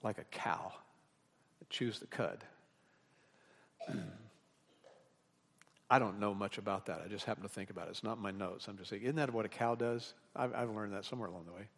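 A man's voice: fairly low pitch, brisk, long pauses, husky. Man preaching an expository sermon. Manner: animated preaching that rises in emphatic bursts, with asides. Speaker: pastor.

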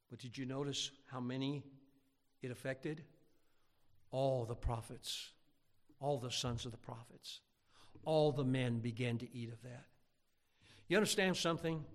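A man's voice: mid-range voice, a bit bright, big-room sound. A man pastor preaching a fervent, emphatic sermon in a church sanctuary.

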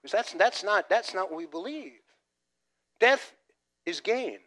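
A man preaching a sermon as pastor, animated, dropping from loud emphasis to soft asides and restarting phrases. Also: high-pitched, measured pace. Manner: repeats words as he restarts phrases.

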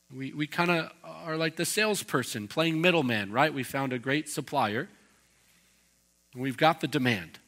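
A man's voice: on the high side, fairly bright tone. A man, a pastor, preaching a conversational expository sermon and acting out quotes as he goes.

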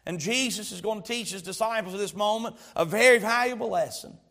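A man's voice: high-pitched, a little fast, vocal fry, fairly bright tone. A man preaching a sermon as a pastor, stretching out key words for emphasis and telling stories with humor. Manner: storytelling with humor.

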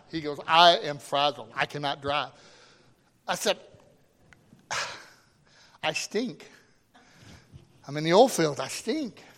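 A middle-aged man, a pastor, telling a folksy story in a sermon with animated quoted voices. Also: a little high. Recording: long reverb of a hall.

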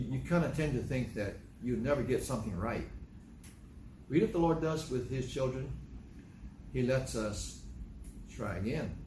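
A man's voice: darkish tone, slight background noise. Older man preaching in an echoey room. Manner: conversational storytelling, acting out dialogue with pitch jumps. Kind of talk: sermon.

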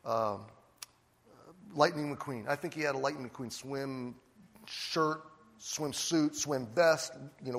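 An older man preaching a sermon as a lively storyteller who acts out the scenes he describes. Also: fairly high pitch. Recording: long hall reverb.

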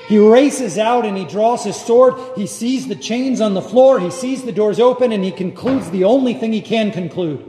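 A man preaching a sermon as a pastor, measured and dramatic with long pauses. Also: sits high, dark tone, a little hiss or hum. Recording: echoey hall with long reverb.

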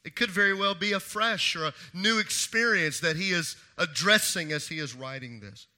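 A man preaching a sermon, moving from hushed, slow emphasis to raised, urgent reading of scripture. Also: sits high. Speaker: pastor.

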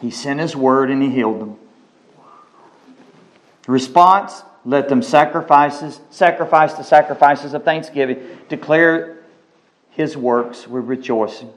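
A man's voice: mid-range voice, unhurried, pauses often. A man preaching a sermon, emphatic, repeating key phrases and asking for amens.

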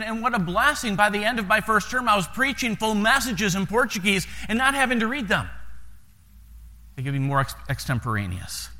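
Here a U.S.-born missionary pastor with an American accent spins folksy stories for a congregation during a sermon. His voice is high, pushed, and bright, trailing a long reverb tail, and he frequently repeats words at the start of sentences.

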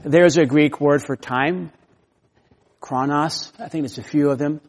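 A man's voice: fairly high pitch, steady tone, a little slow, in a large hall. A man preaching an expository sermon, pressing hard on key words and repeating them for emphasis.

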